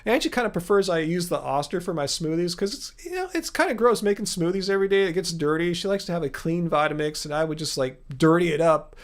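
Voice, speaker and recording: Easygoing man with gravelly voice. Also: high-pitched, animated, quick pace, hardly any pauses. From Los Angeles, USA. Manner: easygoing, rambling, many fillers. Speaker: livestream host. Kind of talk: casual live Q&A.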